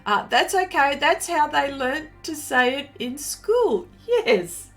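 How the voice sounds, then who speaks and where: Slow-talking Australian woman with a raised voice. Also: high-pitched, sing-song, a bit bright. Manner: chatty, laughs often, reads viewer comments aloud. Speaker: art live-stream host. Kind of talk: casual live-stream chat while painting.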